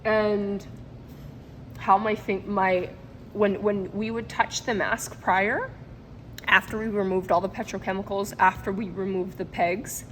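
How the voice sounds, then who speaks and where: A woman's voice: mid-range voice, slight background noise. A woman talking to camera in a casual vlog, emotional and rambling, often breaking into laughter. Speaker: vlogger and product maker.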